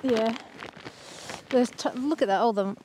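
A woman's voice: on the high side, measured pace, mellow, slight background noise. A woman co-hosting a vlog outdoors, plainly explaining what they are doing. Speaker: vlog co-host. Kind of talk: casual outdoor chat. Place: outdoors on an island farm.

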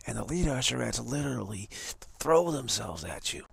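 This live streamer, recorded on a home setup, spins out a lengthy hypothetical tale in a rambling monologue full of restarts. He talks animatedly and fairly quickly in a medium-pitched voice that's gravelly and slightly rough, with no room sound.

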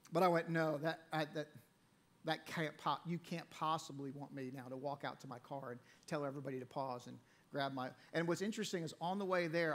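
A male pastor preaching a sermon in a church, telling a personal story and then dropping his voice to read scripture quietly. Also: fairly high pitch. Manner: storytelling preacher, swings between loud emphasis and quiet scripture reading. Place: church sanctuary.

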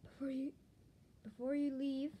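A menacing man's voice from a nightmare, solemn and commanding, as a woman reads him. It comes slow and unhurried, with a soft, mellow tone pitched a touch high. A faint hiss sits behind it. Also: steady tone, rough recording. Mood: ominous. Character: ominous male voice from a nightmare, menacing and cold.

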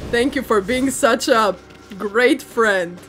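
Giggly high-voiced woman streamer. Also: slow, fairly bright tone. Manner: giggly, playful teasing with chat. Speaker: game streamer. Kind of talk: casual live-stream chat.

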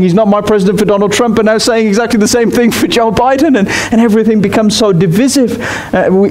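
A man's voice: sits high, a little mellow. A man preaching a sermon in a church, speaking directly and emphatically to his congregation. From Australia. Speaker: pastor.

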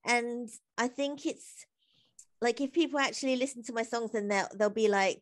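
A woman with a fairly high voice chats as a podcast guest. She talks in a loose, animated way, packing her sentences with "like", and breaks into laughter often. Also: normal speed. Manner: chatty and animated, laughs often, many "like" fillers. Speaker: guest, comedy writer and singer. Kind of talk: casual interview conversation.

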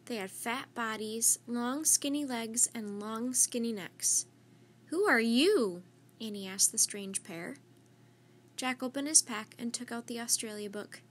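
A woman reading a children's story aloud in a gentle, clear, steady storytelling manner. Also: a little high, measured pace.

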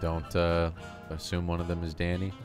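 A man's voice: low-pitched, completely flat delivery, normal speed, music in the background. A man streaming a role-play game, chatting casually with laid-back jokes. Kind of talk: casual gaming chat.

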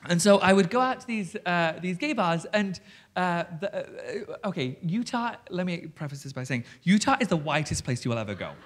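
A man in his thirties with a Yorkshire accent, an animated and cheeky storyteller who talks on stage with lots of fillers. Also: sits high, normal speed, slight background noise. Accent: English Yorkshire. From England. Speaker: guest author. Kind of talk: live stage conversation. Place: theatre stage before an audience.

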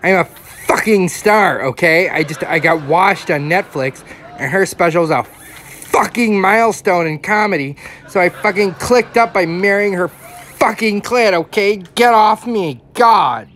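A man voicing a high-strung, washed-up comedian in a cartoon parody who rants defensively and swears constantly. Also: measured pace, fairly bright tone, a little hiss or hum. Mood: ranting. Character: high-strung, foul-mouthed washed-up male comic.

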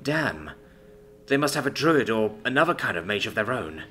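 A man's voice: on the low side, big pitch swings, normal speed, a bit bright, slight background noise. A man voicing a cold, contemptuous woman slaver. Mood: scornful. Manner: contemptuous, cool.

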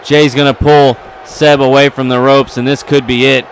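A man giving excitable play-by-play commentary over a wrestling video game, getting louder at the big moments. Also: mid-range voice, moderate pace, hardly any pauses, a faint crowd, a little hiss or hum. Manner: excitable, building to yelling at near falls.

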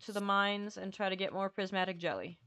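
A woman's voice: medium pitch, steady tone, a little fast, fairly bright tone, clean tone. A woman streaming a farming game, chatting casually, reading dialogue aloud and swearing now and then. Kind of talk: casual gaming chat.

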